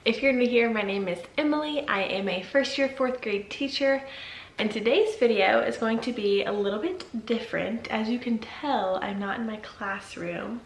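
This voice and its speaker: A young woman talks to her viewers in a chatty, upbeat way, laughing easily between thoughts. Her voice still carries a hint of morning roughness. The sound is roomy and echoey, with faint noise behind it. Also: on the high side, normal speed. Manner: chatty, bubbly, laughs often. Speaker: vlogger and teacher. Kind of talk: casual chat to camera. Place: at home indoors. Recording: echoey room.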